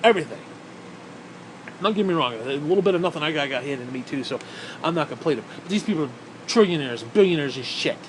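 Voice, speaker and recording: A man's voice: fairly high pitch, lively intonation, quick pace, a little hiss or hum. A man delivering an angry, profanity-laden rant to camera, sarcastic and swearing constantly. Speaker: vlogger. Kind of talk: profane ranting monologue.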